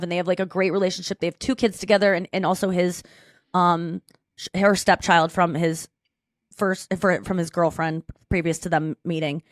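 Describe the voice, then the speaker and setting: Her voice lowish, a woman who hosts a podcast tells a story in casual, meandering chat, frequently starting her sentences over. The sound is dry and of studio quality.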